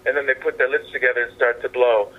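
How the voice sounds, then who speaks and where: A man calling in from a house as a guest on a radio interview, speaking at a middle pitch. His talk is halting and meandering, full of restarts. The sound is narrow and phone-like. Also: level tone, very noisy. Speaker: playwright and actor guest. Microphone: telephone. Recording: tinny phone line.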